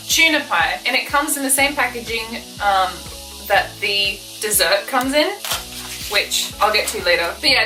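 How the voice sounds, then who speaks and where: A young Australian woman in her twenties chatting casually and giggling as she tastes fast food at home. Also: medium pitch, echoey room, distant mic, poor audio. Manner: chatty, giggly, thinking aloud. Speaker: food vlogger. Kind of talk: casual food review vlog. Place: bedroom at home.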